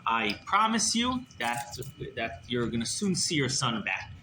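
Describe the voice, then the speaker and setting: A man doing a calm, reassuring old rabbi. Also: medium pitch, a little slow, slight background noise.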